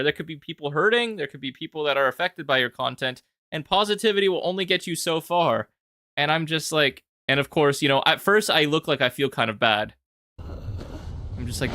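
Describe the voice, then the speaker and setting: A young man talking casually about his own video as a commentator, animated and rambling, with frequent restarts. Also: a little high, no echo, studio quality. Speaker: YouTube commentator.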